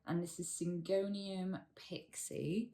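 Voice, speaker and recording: A woman hosting a casual plant unboxing vlog, speaking close to the microphone, gushing and excitable and tripping over plant names. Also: on the low side, slow pace. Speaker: plant channel host.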